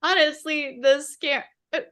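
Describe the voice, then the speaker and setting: A woman with a fairly high voice talks over a video call as a guest author. She muses reflectively, often reaching for "like", and breaks into laughter easily. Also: steady tone, unhurried, pushed and bright. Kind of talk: casual conversation.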